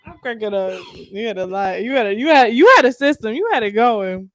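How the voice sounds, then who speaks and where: A woman's voice: fairly high pitch, expressive, brisk, no room sound, studio quality. A woman co-hosting a podcast, laughing along and adding short wry remarks. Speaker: podcast co-host. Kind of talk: casual chat.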